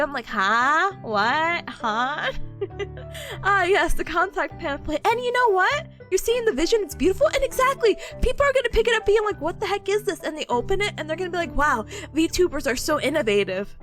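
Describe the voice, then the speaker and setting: Young woman VTuber, very high lively voice, giggly, faint music behind. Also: normal speed. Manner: giggly, bubbly, talks with a smile. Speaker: VTuber streamer. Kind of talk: casual chat reading stream chat.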